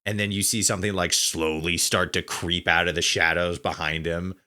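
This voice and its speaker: A man's voice: low-pitched, flat delivery, moderate pace, sharp tone. A man hosting a podcast in casual chat, rambling and packing his talk with filler words. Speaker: podcast host.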